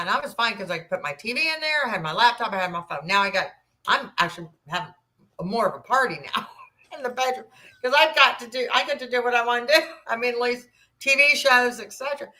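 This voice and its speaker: A woman in her sixties, a podcast guest, telling a personal story in an animated way and acting out the dialogue. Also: a little high, fast talker. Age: 60s. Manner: animated, acts out quoted dialogue, rambling restarts.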